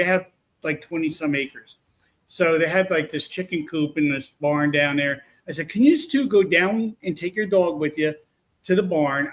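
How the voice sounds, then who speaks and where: A man casually telling a long, rambling story about his paranormal investigations, full of restarts. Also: fairly high pitch. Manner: rambling, animated retelling with restarts.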